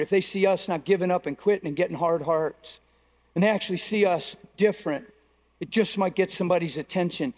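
High-voiced preaching man in a hall. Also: a little mellow. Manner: emphatic preaching, acting out quoted dialogue in stories. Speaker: pastor. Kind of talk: sermon. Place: large conference hall. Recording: long reverb of a large hall.

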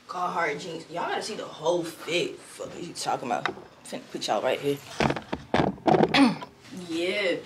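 A hoarse young woman vlogging casually in a hotel room, rambling loosely and swearing now and then. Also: lowish voice, heavy background noise. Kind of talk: casual vlog chat. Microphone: small clip-on mic.

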